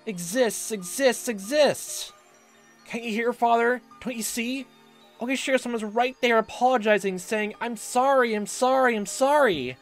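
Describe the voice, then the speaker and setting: A player voicing a guilt-ridden girl sliding into hysterical delusion while reading a visual novel aloud, with shrill, frantic pleading. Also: close to an everyday voice.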